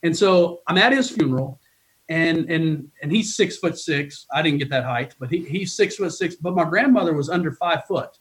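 A middle-aged man coaching college baseball speaks in a podcast interview with a voice a little higher than most men's. He tells stories earnestly and with feeling, stumbling over restarts and repeating words as he goes. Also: lively intonation, moderate pace. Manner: earnest, emotional storytelling with many restarts.

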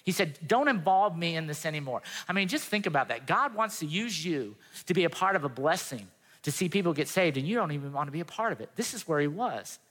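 Bright-voiced man preaching in a hall. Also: on the high side, expressive, quick pace, husky. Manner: earnest, conversational preaching with voiced quotes. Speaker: pastor. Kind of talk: sermon. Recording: long reverb of a hall.

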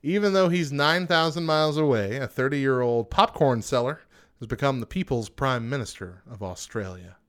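A man's voice: mid-range voice, moderate pace, fairly bright tone. Male podcast co-host, casual, jokey trivia reader who laughs often. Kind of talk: casual chat, reading facts.

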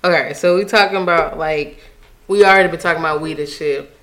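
A man's voice: fairly high pitch, fairly even intonation, quick pace, a bit bright. A young man co-hosting a podcast, talking in a laid-back, slangy way. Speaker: podcast co-host. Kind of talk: casual chat. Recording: echoey room, faint noise.

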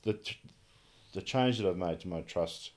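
A man in casual conversation, reflecting slowly and building on ideas step by step. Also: low voice, a little mellow.

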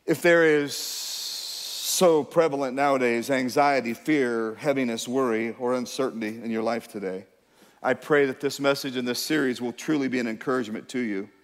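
A man's voice: medium pitch, steady tone, normal speed, long reverb tail. A middle-aged man preaching a sermon as pastor, emphatic and urging his congregation to respond. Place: church.

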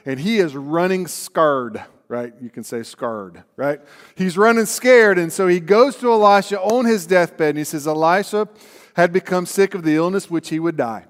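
A fairly high-voiced Southern man preaches in a conversational, easygoing way, tossing "right?" out to the room. His voice rings with the long reverb of a church sanctuary. He sounds like a pastor working through scripture with his congregation. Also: lively intonation, normal speed. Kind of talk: sermon.

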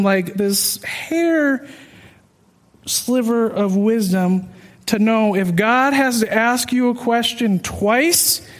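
Man with a very high voice, earnest and self-deprecating testimony, long reverberant hall. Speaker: speaker sharing a personal testimony. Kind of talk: personal testimony storytelling.

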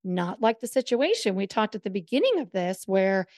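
A woman from the northern US co-hosting a podcast, chatting casually and quickly with frequent laughs. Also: mid-range voice, very animated, darkish tone, no room sound, clean studio sound. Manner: quick, laughing, emphatic talk. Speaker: podcast co-host. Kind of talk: casual chat.

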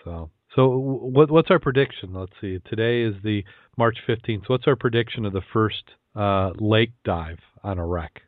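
A man hosting a podcast, chatty and quick to laugh, repeating words as he goes, between casual chat and telling jokes. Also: lowish voice, dry recording. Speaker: podcast host. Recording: tinny phone-like line.

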